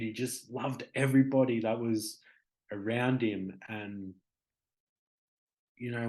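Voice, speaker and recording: A young Australian man, a guest on a talk show, telling a story in a rambling, emotional way, full of "like" and "you know". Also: medium pitch. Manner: emotional, acts out quoted exchanges. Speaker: guest, hip hop artist. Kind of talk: casual storytelling in an interview.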